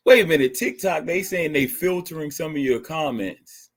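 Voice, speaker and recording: A young man hosting a live stream, reacting to a game as it plays and talking to his chat with excitement and laughs. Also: on the high side, normal speed. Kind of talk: live fan commentary on a game.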